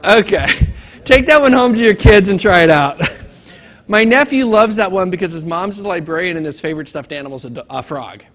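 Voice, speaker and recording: A man's voice: high voice, lively intonation, brisk, a bit bright, a little hiss or hum. A man teaching a hands-on data class at a conference training session, talking casually to the room and telling a corny joke. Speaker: training instructor. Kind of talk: classroom lecture.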